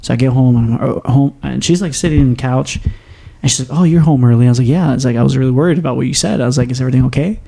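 A man's voice: medium pitch, rapid-fire, gravelly, warm tone, slightly rough. A young man hosting a podcast, telling a long story in a rambling, profane, casual way with frequent laughs. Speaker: podcast host. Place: small home studio.

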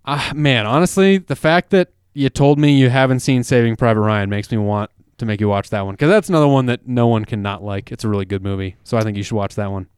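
A man's voice: mid-range voice, quick pace, few pauses, smooth, dry recording, clean studio sound. A man co-hosting a casual sports podcast, opinionated and emphatic, moving from movie talk into football picks. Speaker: co-host.

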